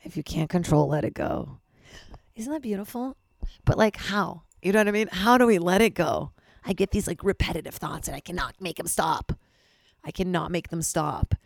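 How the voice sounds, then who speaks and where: A woman hosting her own podcast, talking frankly and rambling, swearing and poking fun at herself, with a hoarse voice from losing it. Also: fairly low pitch, normal speed, no echo, studio quality. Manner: frank, rambling, swears freely, self-deprecating. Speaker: podcast host. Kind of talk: candid solo podcast monologue.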